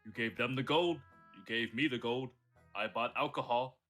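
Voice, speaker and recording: A game master voicing a small armored male dwarf, suspicious and jumpy, with a gruff, blunt, matter-of-fact delivery. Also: medium pitch, normal speed, a bit bright, faint music behind, natural voice. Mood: defensive.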